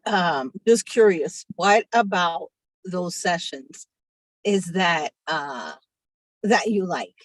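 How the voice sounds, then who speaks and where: A woman hypnotist talking in a casual panel chat, halting, with many fillers. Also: on the low side, animated, dry recording, poor audio.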